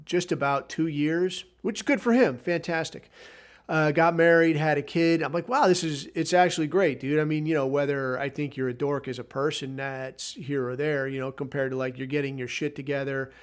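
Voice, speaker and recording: A man's voice: mid-range voice, steady tone, normal speed, smooth. A man hosting a podcast, telling a rambling story in a casual, profane, sardonic way. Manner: rambling, heavy swearing, sardonic. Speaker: podcast host.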